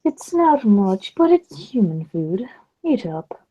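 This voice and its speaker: A woman's voice: medium pitch, very animated, slow pace, mellow, lo-fi sound. A woman voicing Diana, a kindly demon woman host, with a Northern English accent. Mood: reassuring.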